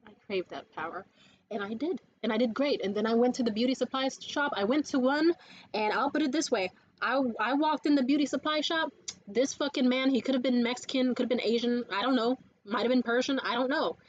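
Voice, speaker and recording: A woman with a high voice chats in a casual vlog, telling stories in an animated, foul-mouthed way. She talks from a room indoors. The recording sounds dull and lo-fi. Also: a little fast. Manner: profane, animated storytelling. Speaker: vlogger. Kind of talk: casual life-update vlog.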